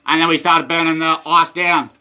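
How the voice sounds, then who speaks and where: Rambling, cursing Australian man, high bright voice. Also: level tone, moderate pace, faint music behind. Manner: rambling, profane, stream-of-consciousness. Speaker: livestreamer. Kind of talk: rambling monologue.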